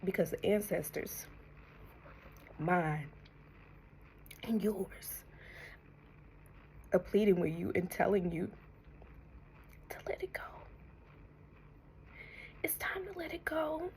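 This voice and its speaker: Lady doing a tarot message, low gravelly voice, slips into whispers, soft hiss behind. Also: animated. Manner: slow, soothing, often drops to a breathy whisper, calls listener honey. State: emotional, near tears. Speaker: tarot reader. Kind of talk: spiritual message to viewers.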